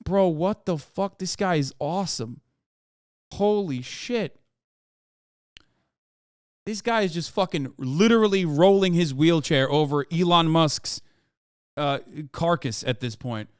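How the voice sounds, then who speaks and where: A man's voice: a little high, lively intonation, takes it slowly, long pauses, smooth, no room sound, clean studio sound. A man hosting a livestream, reacting with profane, incredulous outbursts. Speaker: livestream host. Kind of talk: live reaction commentary.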